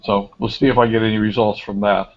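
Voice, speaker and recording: A man's voice: lowish voice, level tone, fast talker, highs cut off. A man hosting a small online group chat, talking in an easygoing, chatty way with restarts. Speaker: group host.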